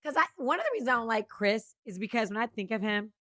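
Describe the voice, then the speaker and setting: Blunt, animated podcast woman, dry sound. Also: fairly high pitch, fast, dry recording. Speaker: podcast co-host. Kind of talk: casual gossip chat.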